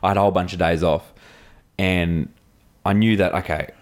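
An Australian man co-hosting a podcast, chatting casually and telling animated stories with plenty of swearing. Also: low voice, moderate pace. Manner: animated storyteller, laughs through his stories, swears freely. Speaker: podcast co-host. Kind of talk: casual chat.

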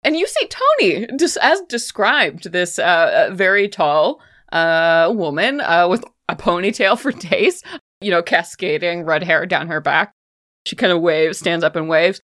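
Casual woman game master, lively lilt. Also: on the low side, unhurried. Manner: loose, casual, swears freely. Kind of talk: narrating a tabletop game.

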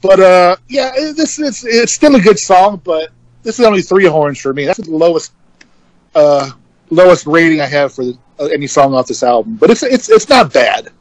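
An easygoing man chats on a podcast, pausing and hedging as he talks. His voice sits a bit high for a man, recorded close and dry. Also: animated, no echo, low-quality recording. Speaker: podcast co-host. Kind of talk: casual chat about metal albums.

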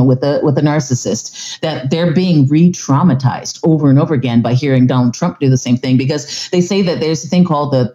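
A woman's voice: deep voice, mellow, highs cut off. A woman guest on a podcast, talking casually and bluntly, swearing freely and stammering through restarts. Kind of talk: casual chat.

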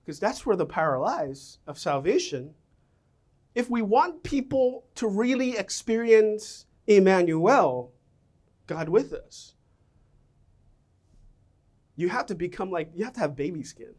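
A middle-aged man preaching a sermon as a pastor, a self-mocking storyteller who swings between loud outbursts and soft, low lines. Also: very animated, a little slow, long pauses.

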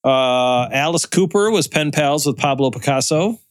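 A man co-hosting a podcast in casual chat, reading out trivia in a halting, restarting way. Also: mid-range voice, lively intonation, no room sound. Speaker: podcast co-host.

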